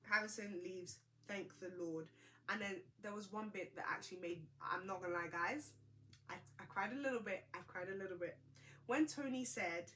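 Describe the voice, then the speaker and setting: Young woman, gossipy reality-show recap host, crisp bright tone. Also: mid-range voice, a little fast. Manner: chatty, gossipy, expressive.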